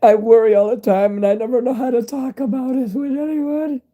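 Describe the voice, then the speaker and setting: A man in his fifties with a hoarse, fading voice and a stuffy nose, rambling candidly to his viewers in a casual live-stream chat. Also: very high-pitched, fairly even intonation, brisk, dark tone. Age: 50s.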